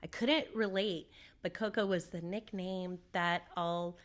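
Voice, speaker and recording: A woman from Southern California, an interview guest recounting a personal story, animated and acting out what people said. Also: lowish voice, unhurried. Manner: animated storyteller, acts out her own quotes.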